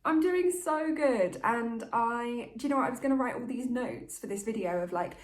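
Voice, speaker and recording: A woman's voice: on the high side, moderate pace. Chatty woman in an echoey room. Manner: open, candid and chatty, talking like to a best friend. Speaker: vlogger. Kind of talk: casual chatty update to camera.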